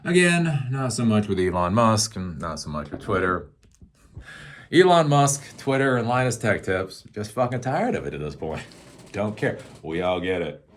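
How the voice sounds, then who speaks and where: A man's voice: on the low side, big pitch swings, moderate pace, slight background noise. A man hosting a casual rant, rambling, swearing freely and often laughing. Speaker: host.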